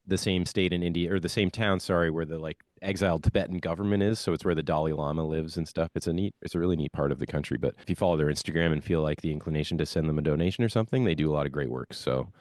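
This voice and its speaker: A man's voice: rumbling low, fast, few pauses, darkish tone, dry recording, studio quality. A man, a band musician, chatting as a podcast guest and telling rambling stories in a self-conscious way. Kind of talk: casual interview chat.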